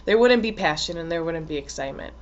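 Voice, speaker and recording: A woman astrologer talking casually to camera, animated and frank, swearing freely and laughing often. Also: low voice, fast, dull audio.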